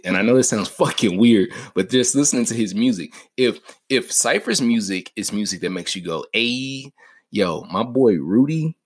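A young man hosting a casual podcast, talking loosely with lots of slang, swearing and fillers. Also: lowish voice. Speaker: podcast host.

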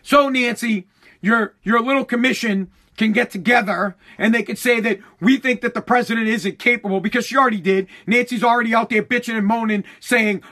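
A man's voice: extremely high pitch, a little fast, sharp tone. A man delivering a profane, angry political rant, mocking others in put-on voices.

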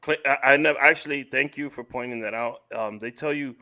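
Mid-pitched man rambling in chat. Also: fairly quick, bright, forceful tone. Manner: rambling, restarts and self-corrections. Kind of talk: casual chat.

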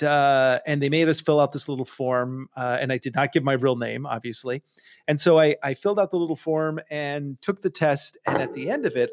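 A middle-aged man hosting a podcast, telling a comic story in a casual, jokey way and acting out the people he quotes. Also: medium pitch. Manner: animated, jokey, acts out quoted voices. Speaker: podcast host.

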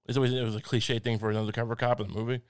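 A man's voice: mid-range voice, flat delivery, racing, clear, resonant tone. A man co-hosting a podcast, rambling through comic tangents with lots of restarts and self-mocking jokes. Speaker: podcast co-host. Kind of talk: casual comedic chat.

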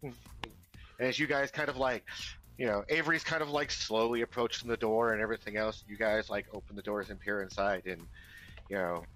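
A man's voice: on the low side, steady tone, brisk, bright, forceful tone, soft background music, poor audio. A man narrating as game master of a tabletop game, rambling with many fillers.

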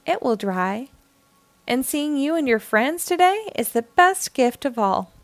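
A woman's voice: high voice, sing-song, unhurried, no echo, heavily acted. A woman reading as a kindly old grandmother. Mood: reassuring. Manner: gentle and reassuring. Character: kindly elderly grandmother, warm and welcoming.

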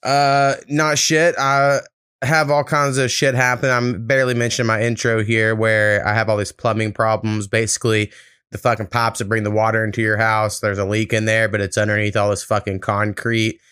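A man's voice: on the low side, level tone, normal speed, fairly bright tone, clean tone, no room sound, clean studio sound. A man hosting a podcast in a loose, laid-back way, swearing often. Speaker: podcast host. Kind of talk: casual podcast chat.

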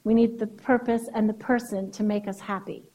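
A woman's voice: medium pitch, steady tone, normal speed, mellow, low-quality recording. A woman therapist giving a keynote speech in a conversational lecturing way, often checking in with "right?".

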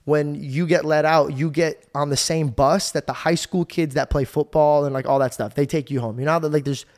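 Animated young man telling a story. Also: on the high side, a little fast. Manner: animated, swearing, says "bro" often. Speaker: podcast host. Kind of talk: casual podcast storytelling.

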